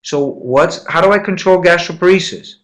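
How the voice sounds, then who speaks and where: A slightly high-voiced man teaches a medical class in a classroom. He quizzes the students, drills key points by repeating them and cheers on right answers with lively energy. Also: normal speed. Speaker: medical lecturer. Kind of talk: interactive classroom lecture.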